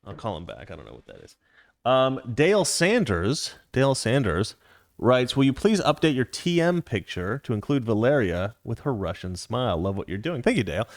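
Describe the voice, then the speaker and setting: A man hosting a talk show, telling an anecdote in a casual, animated way and reading viewer comments, laughing often. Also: medium pitch, normal speed, dry recording, studio quality. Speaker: podcast host.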